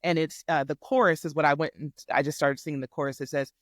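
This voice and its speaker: A woman guest on a podcast, a life coach, telling a faith testimony in an animated, emphatic way and acting out the dialogue. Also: deep voice, quick pace, no room sound, clean studio sound. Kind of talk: faith testimony storytelling in casual chat.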